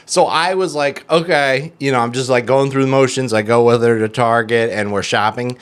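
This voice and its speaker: A man's voice: mid-range voice, moderate pace, clean tone. A man in his thirties co-hosting a recovery podcast tells a story, swearing freely and acting out what people said. His voice sits in a middle range. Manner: animated, swearing, acts out quotes. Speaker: podcast co-host. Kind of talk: casual storytelling in recovery talk.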